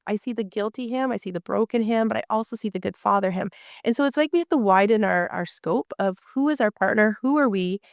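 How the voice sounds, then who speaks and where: A woman's voice: medium pitch, fast talker, creaky, no room sound, clean studio sound. A woman marriage coach explaining her methods as a guest in a conversation, acting out inner voices as she goes. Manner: animated, acts out inner voices.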